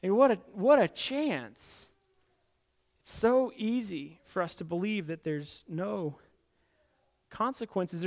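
A male pastor with a notably high voice delivers a sermon to a church audience. He talks in a relaxed, conversational way and often doubles up words as he works toward his point. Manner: conversational, repeats words while building points.

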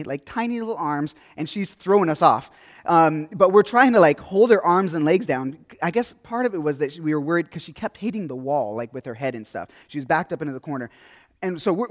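A young man preaching a sermon, telling a story in a casual, rambling way with many restarts. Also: sits high.

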